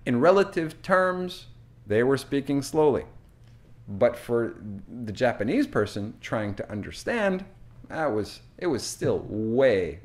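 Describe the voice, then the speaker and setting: A Canadian man teaches English at a slow, unhurried pace. His delivery is deliberate and chatty, with frequent fillers, and his voice sits at a middle pitch for a man. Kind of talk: slow, clear teaching monologue.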